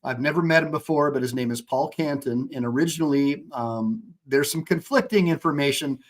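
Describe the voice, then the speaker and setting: A man's voice: on the high side, brisk. A man in his fifties from the United States, an attorney hosting a casual livestream, talking in a rambling way with many restarts.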